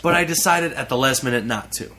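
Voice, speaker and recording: A young man co-hosting a casual podcast, telling a story in a halting, rambling way. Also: medium pitch, pushed and bright, a little hiss or hum. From United States. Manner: rambling, halting, restarts a lot. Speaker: podcast co-host. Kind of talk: casual chat.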